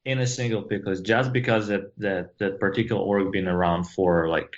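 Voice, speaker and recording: A man with a Russian accent, a guest on a podcast, talking casually with halting restarts and dry humor. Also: low voice, steady tone, lo-fi sound, a loud crowd. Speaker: product manager guest.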